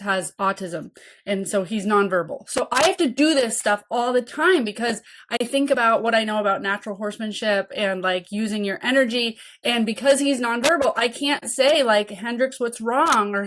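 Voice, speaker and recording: A woman in her thirties, a podcast host and mentor trainer, talking casually and checking in with "okay?" and "right?". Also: medium pitch. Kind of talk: casual teaching talk.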